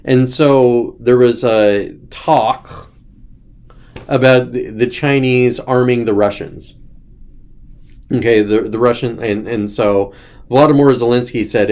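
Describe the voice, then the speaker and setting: This is casual political commentary from a man who hosts his own show. His mid-range voice is a little mellow and steady in tone, and he takes his time. He rants loosely and sarcastically, often putting on mocking quotes.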